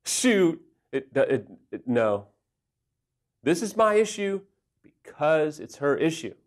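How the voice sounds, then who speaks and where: Earnest guy talking straight to camera about relationships, kinda high voice, pokes fun at himself. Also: darkish tone. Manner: earnest, self-deprecating, acts out quoted lines in a raised voice. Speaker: host, recovery counselor. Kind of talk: candid advice talk to camera.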